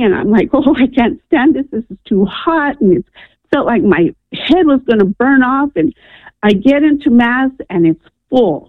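A woman's voice: a little high, dry recording. Woman telling her story over a phone line. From New Mexico. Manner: earnest storytelling with filler ums. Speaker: radio caller. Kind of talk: call-in testimony. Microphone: telephone. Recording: tinny phone line, dry.

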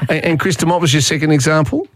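A man's voice: a little high, fast, dry recording. Man, radio talkback host, chatty, dry studio sound. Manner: chatty, plays out phrases in quotes. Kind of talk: casual radio chat. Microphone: studio microphone.

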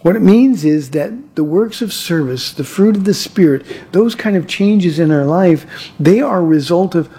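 A man delivers a sermon as pastor in an earnest, storytelling way, often doubling words as he speaks. His voice is husky with a mellow, warm tone. He leans on personal anecdotes to make his points. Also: high-pitched, animated, normal speed. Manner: earnest preaching with frequent word repeats and told anecdotes.

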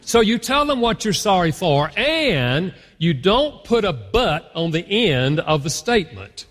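A man's voice: high voice, big pitch swings, a little slow, a bit bright. Man teaching in a reverberant hall. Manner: earnest, teaching. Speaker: guest speaker. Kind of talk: conference talk. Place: large conference hall. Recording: long hall reverb from a live conference.

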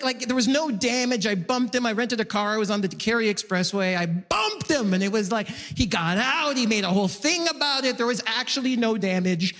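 A male stand-up comedian working a live room, with a voice that sits high and swoops around a lot. He breaks into excited high yelps when acting out moments. His voice carries through a reverberant venue with a long tail. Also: moderate pace. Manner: animated, swinging into high excited yelps for acted-out bits. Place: comedy club stage.

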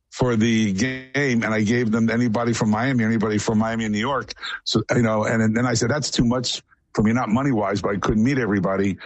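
A man's voice: medium pitch, dry recording. A man guest in a casual radio interview, telling long, rambling stories in a matter-of-fact way.

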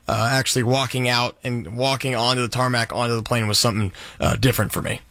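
A young man who works as a radio show's board operator answers questions in a hesitant, low-key way. His voice has a bright, crisp edge, and the studio sound is dry. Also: steady tone, fast talker, no room sound.

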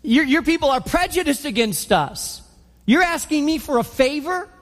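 Sarcastic, defensive woman with attitude, put on by a male preacher; high and mocking, long reverb. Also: animated, normal speed, a bit bright. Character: sassy guarded Samaritan woman, sarcastic.

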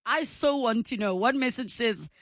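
A woman's voice: on the high side, normal speed, a bit bright, no echo, clean studio sound. A woman hosting a radio talk show, chatty and curious as she reads listener messages. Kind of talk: casual chat reading voice notes.

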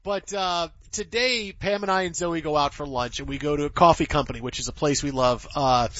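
A man in his fifties hosting a sports radio show, telling stories in a rambling, animated way with many restarts. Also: a little high, a little fast, no echo, dull audio. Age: 50s. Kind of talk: casual sports radio chat. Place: radio studio.

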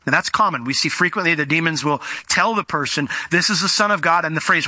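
A man preaching a sermon in an animated way, slowing down and speeding up as he tells a Bible story. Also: a little high, dry recording. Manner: animated, acts out quoted voices, varies pace.

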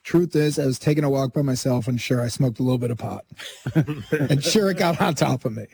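A man in his thirties, a guest on a talk show, telling a comic story in a lively, laughing way and acting out the voices in it. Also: medium pitch, brisk, gravelly, slightly rough. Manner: animated, laughing, acts out voices in anecdotes. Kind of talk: casual chat and comic storytelling.

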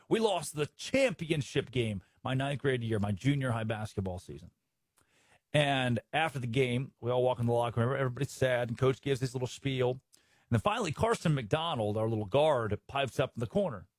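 Animated, husky-voiced male sports talk host. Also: mid-range voice, fairly quick, no room sound, studio quality. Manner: animated, ranting, storytelling with repeated restarts. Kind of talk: opinionated sports talk monologue.

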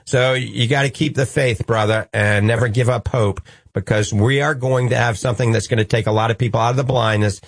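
A man's voice: mid-range voice, fairly even intonation, a little fast, dry recording. A man with a New Orleans accent hosting a call-in radio show, upbeat and preachy, joking with callers. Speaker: radio host.

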